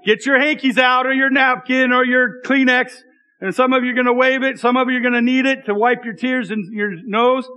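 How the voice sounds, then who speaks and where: A man's voice: very high-pitched, sharp tone, poor audio. A man preaching a sermon as pastor, reading scripture aloud and making joking asides to the congregation in a conversational way.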